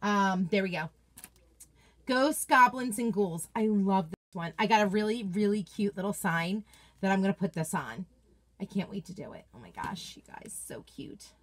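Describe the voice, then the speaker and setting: A woman's voice: mid-range voice, animated, moderate pace. A woman hosting a casual livestream, gushing enthusiastically over products and chatting with viewers. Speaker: craft seller host. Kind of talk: casual livestream chat reading viewer comments.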